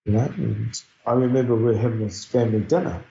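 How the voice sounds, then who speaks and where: A middle-aged New Zealand man with a New Zealand accent tells a personal story earnestly and reflectively. His voice is dark and mellow. The recording is dull and echoey. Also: medium pitch, fast talker, gravelly, slight background noise. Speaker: guest speaker. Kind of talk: personal storytelling in a podcast interview.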